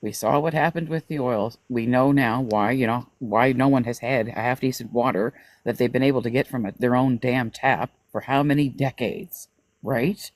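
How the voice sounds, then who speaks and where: A man's voice: mid-range voice, normal speed, dry recording. A man talks on a political panel over a video call, with a dry, close sound and no room around him. He speaks casually and drifts into telling a story, quoting what someone said to him. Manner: storytelling, quoting others in conversation.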